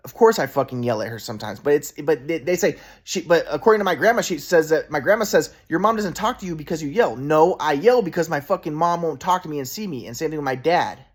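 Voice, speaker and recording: A man's voice: a little high, lively intonation, quick pace, hardly any pauses. A man in his thirties venting in a casual monologue, rambling and profane, full of restarts. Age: 30s. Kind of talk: casual personal vlog monologue.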